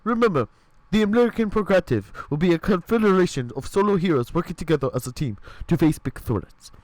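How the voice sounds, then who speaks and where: A man voicing a brisk hero-team commander as he reads a story game aloud on a live stream. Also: high voice, animated, a little mellow, no room sound, voice pushed up, poor audio. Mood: briefing.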